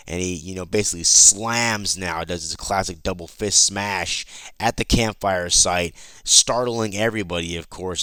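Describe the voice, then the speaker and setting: A man with a low, deep voice walks through a comic issue in a loose, chatty way. He swears freely and trips over his own sentences. The recording is dry and close, with no room sound. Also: sharp tone, clean tone, dry recording. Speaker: comic book YouTuber. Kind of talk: casual comic recap.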